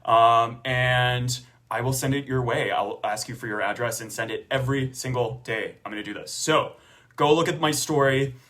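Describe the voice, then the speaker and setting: A man's voice: medium pitch, moderate pace, fairly bright tone. A young man casually telling a personal story to the camera, chatty and conversational, with frequent fillers. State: tearful near the end. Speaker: author promoting his book.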